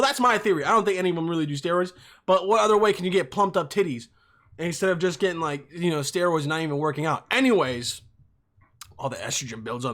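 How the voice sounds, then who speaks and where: Bright-voiced rambling young podcast host. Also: male voice, on the high side. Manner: profane, animated, jumps between topics.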